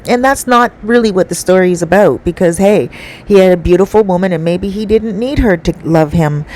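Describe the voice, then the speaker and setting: A woman's voice: on the low side, brisk, a little mellow, a little hiss or hum, low-quality recording. A woman telling a story in a chatty, casual way, full of fillers and asides. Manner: chatty, conversational with many fillers.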